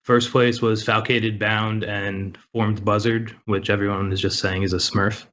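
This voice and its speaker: Low-voiced man reading esports results. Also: level tone, unhurried, fairly bright tone, slight background noise. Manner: matter-of-fact, listing names and results. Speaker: news segment co-host. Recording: dull lo-fi call audio.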